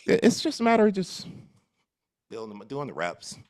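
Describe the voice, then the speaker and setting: A man running a live coaching session on a video call, energetic and instructive. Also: mid-range voice, normal speed, no echo. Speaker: real estate coach.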